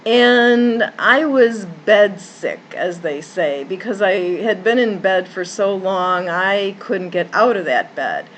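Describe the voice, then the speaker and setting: Female life coach, earnest storyteller, middle pitch, faint background hiss. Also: animated, takes it slowly, few pauses, highs cut off. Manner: earnest storytelling with many restarts and repeated words. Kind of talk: personal story told to camera.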